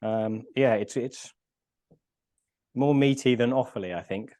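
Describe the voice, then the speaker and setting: A man's voice: mid-range voice, measured pace, mellow. A male podcast host in casual chat, talking through a mouthful and murmuring between words. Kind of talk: casual chat while tasting food.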